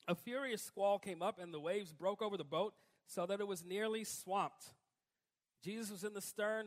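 Male pastor, high voice, chatty sermon delivery with emphatic peaks. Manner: conversational preaching, rising to emphatic outbursts.

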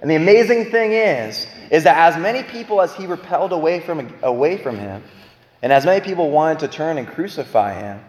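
A man giving a preaching-style Bible talk, emphatic, swinging between loud bursts and quiet low lines. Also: animated, fairly quick. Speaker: Bible teacher. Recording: echoey hall with long reverb.

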